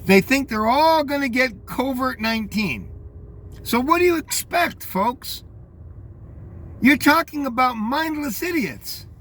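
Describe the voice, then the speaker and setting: A man's voice: very high-pitched, animated, unhurried, fairly bright tone. An older man reading out news headlines and commenting on them in a rambling, scornful way, talking straight to his listeners.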